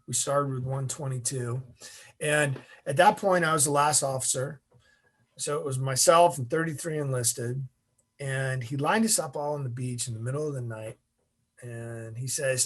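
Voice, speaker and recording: A middle-aged man, an interview guest, telling a story in an animated way and acting out the scenes. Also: a little high, moderate pace.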